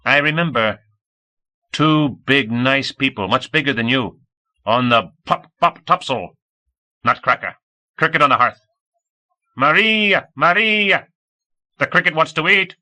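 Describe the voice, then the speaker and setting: A man reading an audiobook, voicing a strange boy raised by aliens who asks excited, childlike questions. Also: mid-range voice, unhurried, pauses often, pitched above the performer's own voice. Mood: playful.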